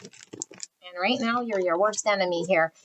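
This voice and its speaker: A woman's voice: mid-range voice, measured pace, a bit bright, slight background noise, low-quality recording. A woman giving a general pick-a-card tarot reading, talking bluntly in spiritual terms and naming cards as she draws them. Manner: blunt, spiritual, channels energy. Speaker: tarot reader.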